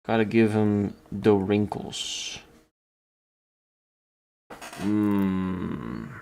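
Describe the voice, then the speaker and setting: A man's voice: lowish voice, extremely slow, vocal fry, warm tone. A man chatting playfully to himself while he draws, giggling often. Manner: giggly, playful self-talk. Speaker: online artist. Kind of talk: casual talk while drawing.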